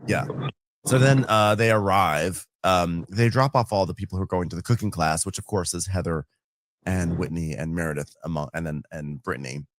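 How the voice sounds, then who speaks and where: A man's voice: sits low, normal speed. A man co-hosting a podcast, recapping a show in a playful, storytelling way. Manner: playful storytelling with joke voices. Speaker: podcast co-host. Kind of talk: casual recap chat.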